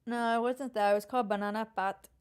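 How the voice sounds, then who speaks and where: A woman's voice: on the high side, steady tone, quick pace, clear, resonant tone. A woman co-hosting a podcast, chatting in a playful, crude and teasing way. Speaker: podcast co-host. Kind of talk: casual podcast chat.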